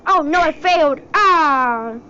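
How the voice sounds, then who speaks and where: High-voiced excitable woman gamer. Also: takes it slowly. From India. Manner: excitable, yelps and exclaims. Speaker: gaming channel host. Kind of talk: let's-play commentary. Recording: dull lo-fi audio with game music. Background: game music.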